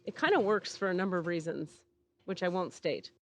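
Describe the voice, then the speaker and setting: Animated storytelling woman, dry close sound. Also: lowish voice, fairly quick, no echo. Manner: animated, acts out quotes, swears freely. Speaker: podcast host. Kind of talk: casual storytelling chat. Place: outdoors in a back yard.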